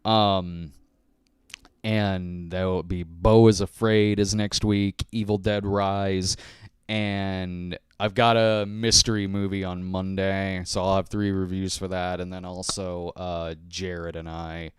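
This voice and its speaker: A man hosting a loose, rambling livestream, joking at his own expense and tripping over restarts. His voice sits fairly low and comes through smooth and clear. It is picked up close on a handheld mic in a dry, dead-sounding space. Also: flat delivery, takes it slowly, no echo. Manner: rambling, self-deprecating, many fillers and restarts. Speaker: host. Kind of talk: casual livestream chat. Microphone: handheld microphone.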